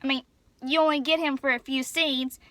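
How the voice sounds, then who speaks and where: Chatty woman vlogger, bright and sharp-toned, rambling excitedly into a phone. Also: high-pitched, normal speed, no echo. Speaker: vlogger reviewing a film. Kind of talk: casual chat. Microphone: phone camera.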